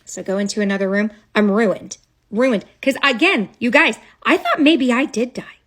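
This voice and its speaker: A woman's voice: on the high side, lively intonation, fairly quick, a bit bright. A woman telling a childhood story straight to a phone camera, casual and dramatic, with chatty asides.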